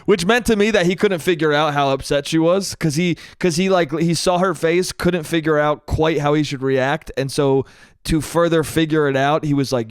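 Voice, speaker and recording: A man talks to himself on his podcast, spinning a rambling comic anecdote and laughing at his own lines. His voice sits a little high for a man, and the recording is dry and close with no room sound. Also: animated, moderate pace, clean tone, no echo. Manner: rambling, laughs at own stories, says "dude" a lot. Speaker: podcast host. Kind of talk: solo comedic storytelling.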